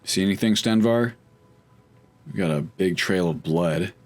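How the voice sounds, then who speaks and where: A man's voice: low-pitched, measured pace. A man casually commenting while playing a video game, chatty and wry, thinking aloud as he goes. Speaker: let's play host.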